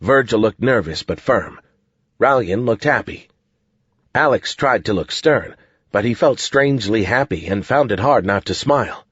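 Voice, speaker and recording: A man reads a fantasy audiobook in a measured, even voice. His voice is husky and mid-pitched. The recording is dry and dull, with a lo-fi sound. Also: no echo. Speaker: audiobook narrator. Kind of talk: scripted narration.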